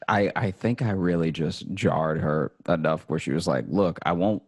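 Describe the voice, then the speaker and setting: A man's voice: low voice, normal speed. A young man from Chicago, a comedian telling a story in casual chat, acting out voices and laughing as he goes. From Chicago, USA. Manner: animated, acts out voices, laughs through the story.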